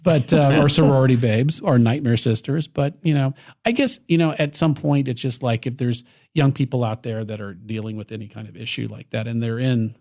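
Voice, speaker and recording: A man's voice: medium pitch, steady tone, a little fast, dark tone. Man, middle-aged, podcast guest, rambling, filler-heavy casual chat. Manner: chatty, rambling with many fillers and laughs. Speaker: guest filmmaker.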